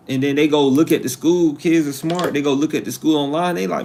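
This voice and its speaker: A man's voice: a little high, expressive, fairly quick, a little mellow, slight background noise. A man hosting a live stream, talking in a loose, conversational way, drifting off topic and repeating himself for emphasis. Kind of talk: casual live-stream talk.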